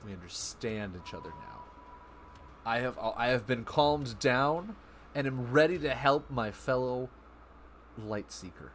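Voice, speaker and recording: A man voicing a calmed female creature who has become a humble ally, speaking hushed and low in a card game. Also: a little slow, slight background noise, close to an everyday voice. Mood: subdued.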